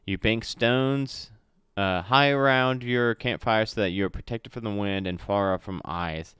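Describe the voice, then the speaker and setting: Deep-voiced man reading a solo adventure. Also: a bit bright, clean tone, dry recording, studio quality. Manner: reads with slips and self-corrections, chatty asides. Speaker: game master.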